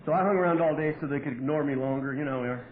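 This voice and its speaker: A man telling his story at a recovery meeting, wry and profane, with sudden loud outbursts. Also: a little high, rapid-fire. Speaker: AA meeting speaker. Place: meeting hall with audience. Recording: tinny lo-fi 1988 tape with faint hiss.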